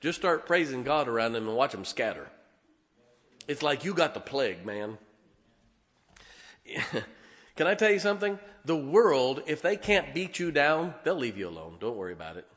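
A man preaching as a Baptist pastor, telling animated personal stories and asking his congregation to listen up. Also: medium pitch, moderate pace, long pauses. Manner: animated storytelling, keeps asking the congregation "can I tell you something". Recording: long reverb of a large hall.

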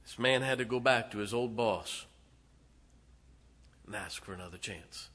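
A male preacher delivering a sermon, retelling a story dramatically with sudden loud swells and hushed drops. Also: fairly low pitch, unhurried.

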